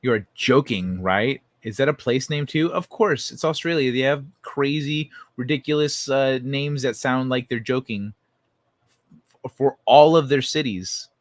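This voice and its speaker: A man hosting a casual late-night stream, reading chat messages aloud in a loose, profane way. His voice sits at an ordinary pitch, and the recording is dry and close with no room sound. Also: a little slow, no echo. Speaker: livestream host.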